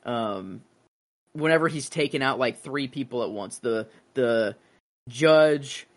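Man, podcast host, casual chat, mid pitch, rambling, lots of fillers. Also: slow.

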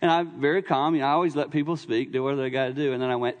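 A man's voice: mid-range voice, fairly even intonation, racing, hardly any pauses. A middle-aged man preaching a sermon in a church, telling stories conversationally with humor and sudden bursts of emphasis. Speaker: visiting preacher. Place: church sanctuary. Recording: long hall reverb in a church.

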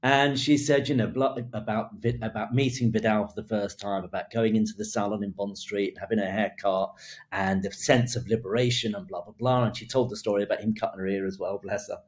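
A hairdressing creative director tells an anecdote in an interview, laughing between phrases and acting out the quotes. His voice is on the low side, with fairly even intonation and a brisk pace.

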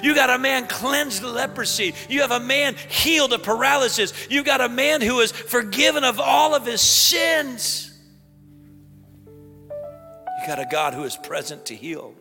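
A man preaching a sermon as pastor, excitable and bursting into shouts, in a large church hall. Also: extremely high pitch, unhurried, faint music behind.

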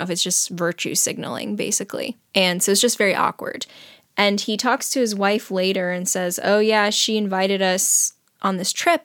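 A woman chatting casually as she retells a story, full of fillers and quick asides in the characters' voices. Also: mid-range voice, a bit bright, dry recording, clean studio sound. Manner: chatty, many fillers, acts out characters' thoughts. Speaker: book discussion co-host.

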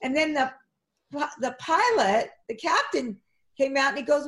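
A middle-aged woman telling lively anecdotes in an interview, jumping up in pitch as she acts out what people said. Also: measured pace. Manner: animated, acts out quotes in a high excited voice, frequent restarts. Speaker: actress and flight attendant, interview guest. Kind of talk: conversational storytelling.

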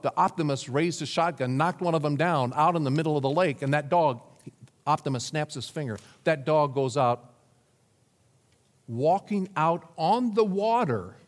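A man preaching a sermon, telling stories with chuckles and acting out the voices of the people in them. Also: on the high side. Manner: storytelling with chuckles, acting out quoted characters. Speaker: pastor. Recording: reverberant hall.

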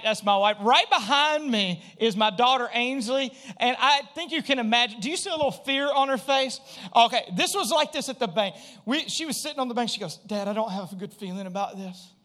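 A middle-aged man with a drawl delivers a sermon from the pulpit. His voice sits high for a man, and he tells stories with animation, slipping into the voices of the people he quotes and calling out to the congregation. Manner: animated storytelling, acts out quotes, addresses congregation directly. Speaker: pastor.

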